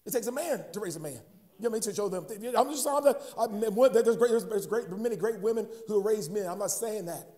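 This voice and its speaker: A high-voiced American man preaches to his congregation. He stumbles over repeated words and keeps tossing out questions to the listeners. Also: lively intonation, a little fast, dark tone. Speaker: pastor. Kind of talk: sermon.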